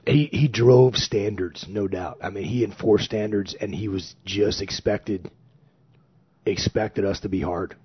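A man's voice: lowish voice, a little slow. A man, a former Navy officer, telling stories casually and animatedly on a podcast, acting out what others said. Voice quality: husky. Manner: animated, acts out quoted remarks in his telling. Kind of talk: casual storytelling. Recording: dull lo-fi recording.

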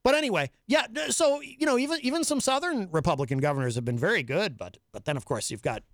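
A man's voice: high-pitched, expressive, quick pace, dry recording, studio quality. Rambling, opinionated male show host. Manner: rambling, opinionated, full of fillers and restarts. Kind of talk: talk show monologue. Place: New Hampshire.

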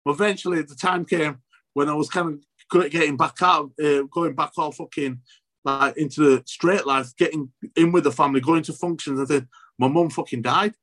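A young man tells his story in an interview, his voice sitting a little high for a man. He talks in halting, repetitive bursts and swears constantly. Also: steady tone, a bit bright. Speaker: interview guest. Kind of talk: emotional personal story.

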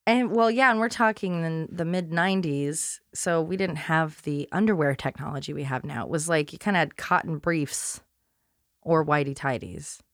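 A woman's voice: low voice, moderate pace, dry recording, studio quality. Wry woman podcast host. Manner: wry, conversational, laughs often. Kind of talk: scripted commentary, then casual chat.

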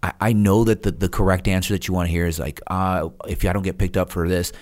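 A retired Navy SEAL on a podcast tells a story in casual conversation, his low voice moving fast. He's animated, acting out the other people's quoted lines and laughing along the way.

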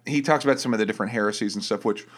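A man's voice: lowish voice, rapid-fire, fairly bright tone. An easygoing man co-hosting a casual faith podcast, who jokes and reads passages aloud. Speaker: podcast co-host.

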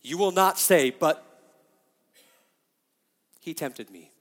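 A man's voice: fairly high pitch, slow, long reverb tail. A middle-aged man preaching a sermon as pastor, emphatic and often asking his congregation questions.

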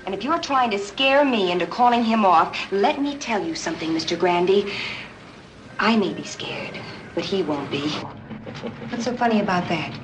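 An actress playing a brash young American wife who talks back sharply and scornfully, heard from an old film soundtrack. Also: female voice, medium pitch, lively intonation, moderate pace, background noise, lightly acted. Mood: defiant.

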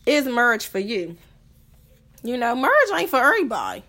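A woman's voice: a little high, huge pitch swings, moderate pace, bright, forceful tone. Blunt, profane woman podcaster. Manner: blunt, profane, rhetorical questions. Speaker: podcast host. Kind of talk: casual monologue on relationships.

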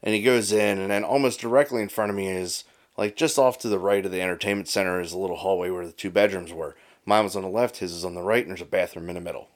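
A man's voice: low voice, fairly even intonation, fast. A man telling a long rambling story in casual chat, profane, with frequent "right?" tags.

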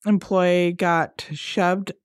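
Woman co-host, lowish voice, blunt and salty, dry close recording. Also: steady tone, very slow, smooth, no room sound. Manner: blunt, swears freely. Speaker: podcast co-host. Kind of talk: casual chat.

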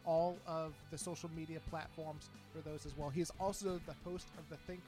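Man, fairly high voice, podcast co-host, earnest, filler words, music in background. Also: level tone, a little fast. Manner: earnest, simple phrasing with fillers. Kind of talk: casual podcast chat.

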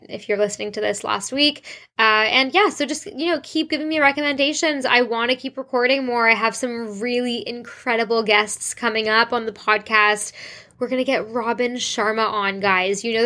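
A woman's voice: mid-range voice, sharp tone. A young woman hosting her own podcast, giving a casual, gushing solo update with lots of rambling and "like". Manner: bubbly, gushing, rambling with frequent "like". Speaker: podcast host.

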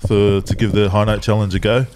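A man's voice: lowish voice, little pitch movement, fairly quick, darkish tone, slight background noise. A man hosting a casual podcast chat, teasing the others and steering the talk. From Tongan heritage. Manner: teasing, leads the segments. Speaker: podcast host.

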